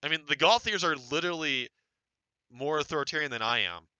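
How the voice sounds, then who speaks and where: A young man chatting on a voice call, blunt and swearing freely, his sentences often trailing off quietly. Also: a little high, animated, brisk, clear, resonant tone, no room sound, dull audio. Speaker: roleplay group leader. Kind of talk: casual voice chat.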